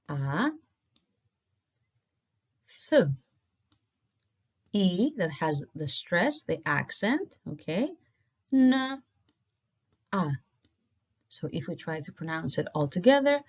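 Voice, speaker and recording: A woman teaches an online language lesson at a patient, steady pace, saying each word twice so learners can follow. Her voice sits a little low. The recording is dull and lo-fi. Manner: patient, repeats words slowly for learners.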